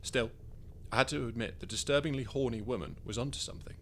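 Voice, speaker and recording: Low gravelly guy reading his own story, wry and chatty, faint hum behind. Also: quick pace. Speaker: author narrating his story. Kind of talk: first-person story narration.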